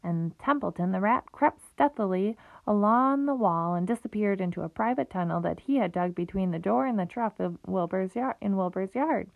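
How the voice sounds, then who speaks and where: A woman reading a children's book aloud in a lively way, with small slips and restarts, on a tinny phone-like recording. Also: medium pitch, normal speed, creaky, few pauses, dry recording. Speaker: reader.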